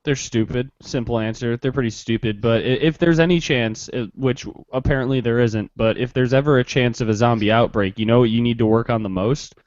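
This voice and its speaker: A man's voice: mid-range voice, steady tone, a little fast, hardly any pauses, darkish tone, dry recording. Blunt joking man, dry lo-fi audio. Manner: blunt, jokey. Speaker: panelist. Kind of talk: joking panel chat.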